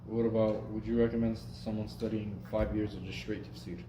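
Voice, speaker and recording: A man asking quick, offhand questions as a student in a class. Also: lowish voice, flat delivery, reverberant, noisy background.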